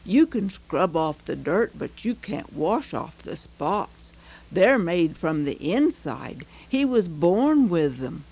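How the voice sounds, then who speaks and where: Woman playing a gentle storybook mom, soft, patient, lower voice. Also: big pitch swings, slow pace, slightly rough, full character voice, rough recording. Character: caring country mother, middle-aged woman.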